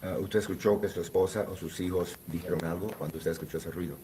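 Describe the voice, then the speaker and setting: A man working as a court interpreter, switching between Spanish and English in a quick, businesslike way with frequent fillers. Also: sits low, steady tone, background noise.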